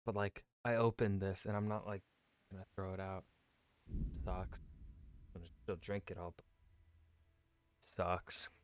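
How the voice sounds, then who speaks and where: A man's voice: low voice, steady tone, moderate pace, long pauses, smooth. A man streaming a game, muttering to himself, swearing and complaining in an offhand casual way. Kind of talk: casual live-stream chat while gaming.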